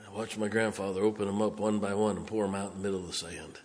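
A pastor preaching a sermon, telling a personal story with dramatic swings from loud emphatic bursts to hushed low lines. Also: male voice, flat delivery, quick pace. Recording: long hall reverb.

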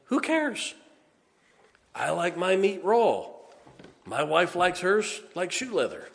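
Folksy preacher, ringing hall. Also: male voice, sits high, expressive, creaky. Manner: folksy storytelling preacher, punchy asides, slows for emphasis. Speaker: pastor. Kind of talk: sermon. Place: church sanctuary. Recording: long church reverb.

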